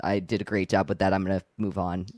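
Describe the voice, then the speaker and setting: A woman's voice: rumbling low, flat delivery, fast talker, darkish tone, dry recording, studio quality. Easygoing podcast co-host woman. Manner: chatty, self-deprecating, easygoing. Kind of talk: casual livestream podcast chat.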